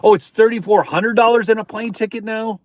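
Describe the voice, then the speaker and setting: Male stream host, higher-pitched, emphatic and repetitive, dry close-miked sound. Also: steady tone, fairly quick, darkish tone, no room sound. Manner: emphatic, repeats points, addresses viewers as folks. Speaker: political commentary host. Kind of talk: live-stream political commentary.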